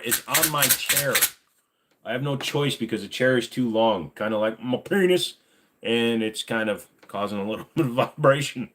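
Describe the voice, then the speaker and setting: A man's voice: mid-range voice, normal speed, a bit bright. A man hosting a casual livestream, joking and rambling straight to his chat, a little short of breath. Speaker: livestream host. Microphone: desk microphone.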